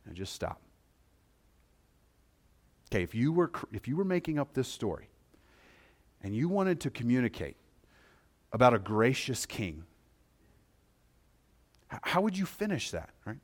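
A man preaching a sermon in a conversational way, often checking that his listeners follow him. He moves between quiet, slower passages and louder, quicker ones. His voice sits at a middle pitch. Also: sing-song. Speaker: pastor.

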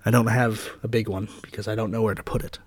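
A man's voice: fairly low pitch, level tone, quick pace, no echo. A man hosting a solo podcast, talking in a heartfelt, candid and openly emotional way, close to the mic. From United States. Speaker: podcast host and teacher.

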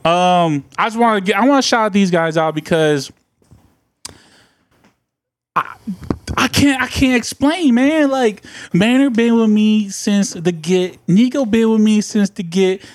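A man's voice: sits high, unhurried, dry recording. Tipsy young man hosting a podcast. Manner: rambling, tipsy, loud laughing. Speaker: podcast host. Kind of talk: casual chat.

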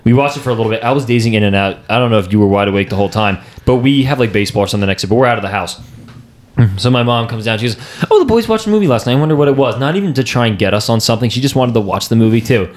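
Fast-talking young man telling stories. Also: on the low side. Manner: rambling storyteller, quick and loose. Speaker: podcast host. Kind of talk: casual chat.

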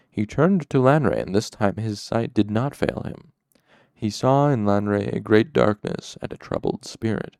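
Deep gravelly male audiobook narrator. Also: a little mellow, dry recording. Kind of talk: audiobook reading.

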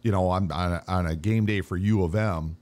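Low-voiced laid-back man rambling. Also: moderate pace, darkish tone. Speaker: podcast co-host. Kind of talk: casual chat.

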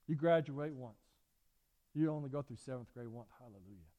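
A man's voice: medium pitch, a little fast, dull audio. A middle-aged man, preaching a sermon and telling folksy stories with lots of repetition. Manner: folksy, animated storytelling with repeated phrases. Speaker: pastor.

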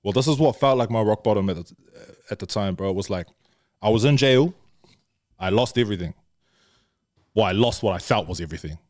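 As a podcast guest, a young man candidly shares stories from his life, swearing a lot and constantly calling everyone bro. His voice is on the low side, animated, brisk, and a little mellow, with long pauses and clean, echo-free studio sound.

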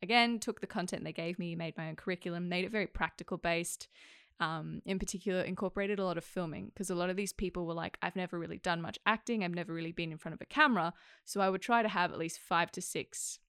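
A woman who teaches acting, chatting casually and telling animated stories with frequent laughs. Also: on the low side, quick pace, clear, resonant tone, no room sound, studio quality. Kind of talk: casual chat.

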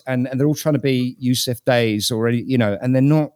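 A man's voice: medium pitch, moderate pace, darkish tone. Blunt British man critiquing music. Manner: blunt, opinionated, repeats words while thinking. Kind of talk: casual panel discussion.

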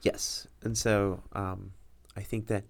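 A young man being interviewed as a guest on a podcast, speaking in a measured, hesitant way with many fillers. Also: lowish voice, flat delivery, gravelly. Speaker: podcast guest, incoming resident physician. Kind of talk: casual interview talk.

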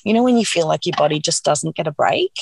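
Gravelly-voiced woman telling a story. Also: sits low, quick pace, no echo. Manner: animated, acts out quoted dialogue, frequent "like". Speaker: podcast guest. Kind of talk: candid personal storytelling.

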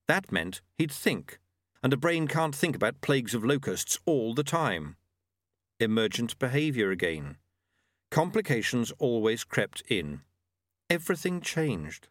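A man narrating a novel in an expressive storytelling manner. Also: mid-range voice, measured pace, dry recording, studio quality. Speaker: audiobook narrator. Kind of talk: scripted narration.

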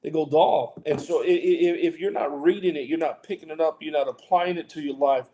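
Earnest preaching man, mellow voice. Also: a little high, fairly even intonation, fairly quick. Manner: earnest, repetitive restarts, preacherly emphasis. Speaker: pastor and co-host. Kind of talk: casual Bible discussion.

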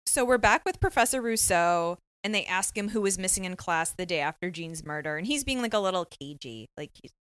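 A woman's voice: fairly low pitch, a little fast, hardly any pauses, no room sound. Laughing woman retelling scenes, dry sound. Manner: laughing often, animated retelling. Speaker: podcast co-host. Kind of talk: casual recap chat.

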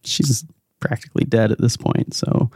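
A man voicing a glowing-eyed male cult leader in a tabletop game, falsely friendly with a calm, sinister edge. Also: mid-range voice, moderate pace, breathy edge, dry recording, clean studio sound, natural voice. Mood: menacing calm.

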